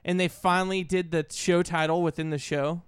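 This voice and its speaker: A man's voice: sits high, fairly even intonation, normal speed, smooth, no room sound, studio quality. A young man co-hosting a podcast, rambling and swearing casually while joking with his co-host. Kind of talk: casual chat.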